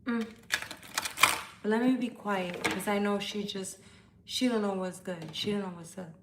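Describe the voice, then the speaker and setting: A woman's voice: medium pitch, measured pace, heavy background noise. A tipsy woman tarot reader talking bluntly and profanely in a casual live-stream chat from home.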